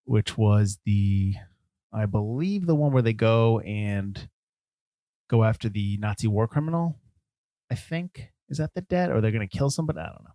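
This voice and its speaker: Lively joking male podcast co-host. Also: lowish voice, normal speed, no echo. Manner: jokey, rambling, laughs often. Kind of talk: casual podcast chat.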